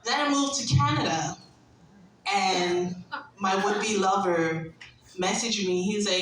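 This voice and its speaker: A brash young woman tells a stand-up story, animated and quick to laugh. Her voice sits at a middle pitch and rings out in a very echoey room. She sounds set back from the mic, with faint ambience behind her. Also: recorded from a distance, slight background noise. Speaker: stand-up comedian. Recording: echoey room, heard from afar.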